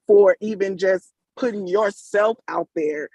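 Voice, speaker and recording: A woman's voice: mid-range voice, measured pace, darkish tone, no room sound. A woman, calling in on a video call from work, giving an emotional, rambling thank-you. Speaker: caller. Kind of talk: casual testimony on a video call.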